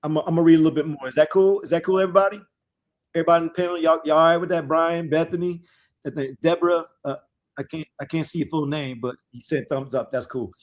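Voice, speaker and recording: High-voiced man teaching scripture live. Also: fairly even intonation. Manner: repeats phrases, addresses listeners directly as y'all; reads verses slowly and deliberately. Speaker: host of a live scripture study discussion.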